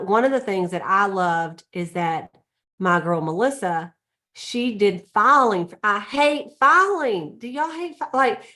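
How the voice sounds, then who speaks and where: A woman's voice: a little high, a bit bright. Chatty woman leading a meeting. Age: middle-aged or older. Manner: chatty, laughing, acts out little scenes. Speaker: sales director leading a team meeting. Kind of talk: casual motivational talk.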